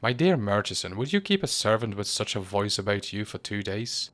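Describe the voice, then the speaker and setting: A man voicing an irritable, agitated male professor in a storybook reading, speaking in a high, sharp, insistent voice. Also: sing-song, a little fast.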